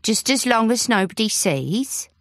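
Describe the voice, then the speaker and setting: A woman's voice: a little high, sing-song, unhurried, dry recording, clean studio sound, voice pushed up. A woman voicing a wry, gossipy older housekeeper who talks in a knowing, motherly way. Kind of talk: audiobook character voice.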